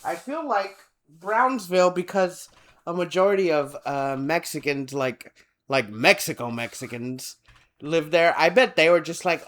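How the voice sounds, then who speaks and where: A man's voice: fairly high pitch, animated, measured pace, a bit bright. A man from South Texas co-hosting a podcast, joking around in casual chat, swearing freely and bursting into laughter. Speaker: podcast co-host.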